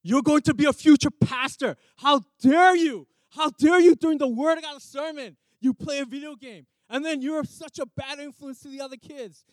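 A man acting out his stern male pastor boss, shouting a scolding at a young intern. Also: extremely high pitch, moderate pace, hardly any pauses, dry recording, pitched above the performer's own voice, low-quality recording. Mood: outraged. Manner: outraged shouting.

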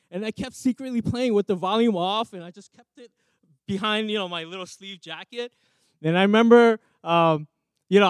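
A man's voice: high-pitched, dry recording. Chatty, self-joking male youth pastor. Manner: rambling and self-joking, many restarts. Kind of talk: sermon to a youth group. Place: church youth service with audience. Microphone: microphone.

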